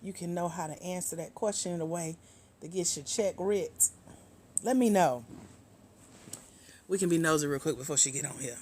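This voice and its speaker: A woman's voice: on the low side, moderate pace, long pauses, a little mellow, slight background noise. A woman grant coach chatting on a livestream from her bed, reading viewer comments aloud and laughing often, a bit sleepy. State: sleepy, fighting a nap. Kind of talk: casual livestream chat. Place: home, in bed. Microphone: tablet.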